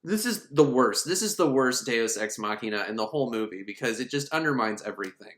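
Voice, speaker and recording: A man giving a casual, irreverent recap of an animated film, rambling and laughing as he goes. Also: medium pitch, a little fast. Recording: roomy echo.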